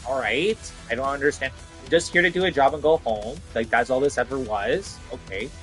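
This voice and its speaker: Faint music plays behind a young vlogger as he rants to camera about being let go, swearing in frustration and saying "like" constantly. His voice is medium-pitched, a bit bright and fairly quick.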